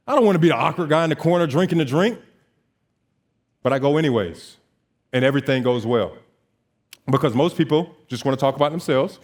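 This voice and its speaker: With a fairly high-pitched voice, a man in his twenties animatedly shares his story in a motivational stage talk. He runs a notary business and acts out pieces of conversation as he goes.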